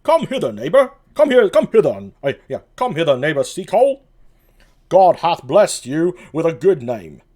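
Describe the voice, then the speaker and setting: Pompous British-accented constable, man voicing, loud, lively pitch. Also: measured pace, hardly any pauses. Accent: put-on British. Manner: loud, well-spoken, pompous. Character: pompous bumbling male constable, loud and self-important.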